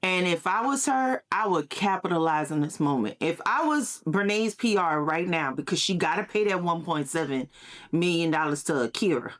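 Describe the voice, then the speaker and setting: A woman's voice: fairly low pitch, fairly bright tone. A woman talking in a sassy, emphatic commentary style, often repeating her points. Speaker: social media commentator. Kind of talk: casual gossip commentary.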